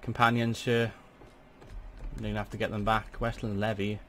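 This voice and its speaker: Sitting at a desk mic, a young man hosts a gaming channel and delivers chatty let's play commentary, breaking into sudden excited swearing. He has a lowish voice at normal speed, and there's a little hiss or hum.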